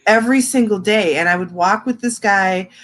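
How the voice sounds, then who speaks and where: A woman co-hosting a casual podcast, telling personal stories frankly in a rambling, animated way. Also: medium pitch, moderate pace. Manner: frank storyteller, rambling, animated when quoting. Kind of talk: casual chat.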